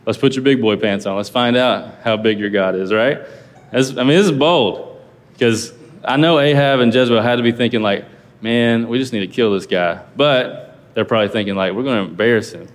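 A man, a pastor, giving a casual, conversational sermon, reading scripture aloud and explaining it with lively asides. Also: mid-range voice, fairly quick, long reverb tail.

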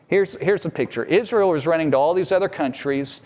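A man's voice: on the high side, a little fast, hardly any pauses, darkish tone. A man preaching a sermon as a pastor, earnest and direct, often repeating a word as he restarts a phrase.

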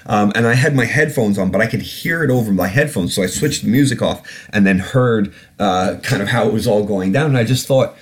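A man's voice: fairly low pitch, moderate pace, hardly any pauses. A man in his thirties hosting a podcast, ranting casually and profanely with many restarts. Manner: animated, profane, rambling with restarts. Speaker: podcast host. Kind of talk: casual monologue. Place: lives in London.

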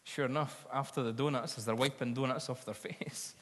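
A man's voice: medium pitch, fairly even intonation, a little fast, fairly bright tone. A man preaching a sermon, telling stories earnestly and building to fervent appeals. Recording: long hall reverb.

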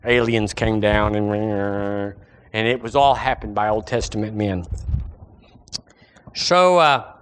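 A man's voice: on the low side, slow pace, long pauses, clean tone. A man preaching a sermon as pastor, emphatic and repetitive, swinging his voice up and down.

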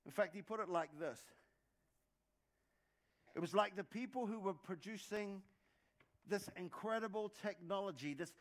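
A pastor preaching a sermon in a conversational way, with quick asides and jokes and words repeated for emphasis. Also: male voice, high voice.

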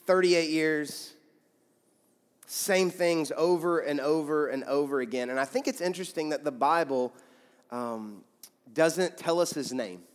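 High-voiced man preaching in a big hall. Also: fairly bright tone. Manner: conversational storytelling preacher, acts out quotes. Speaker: pastor. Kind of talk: sermon. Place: large church sanctuary. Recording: hall reverb from church sanctuary.

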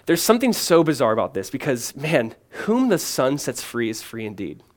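This pastor's sermon comes in a mid-range voice at normal speed, and he is very animated throughout. Earnest and emphatic, he raises questions and answers them, swinging between forceful proclamation and soft, conversational remarks peppered with "man."

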